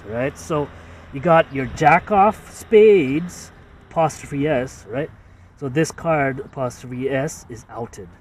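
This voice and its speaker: Slow, halting man, distant mic. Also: medium pitch, slight background noise. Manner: halting, repetitive, full of fillers and restarts. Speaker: creator explaining his own ads. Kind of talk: casual rambling explanation.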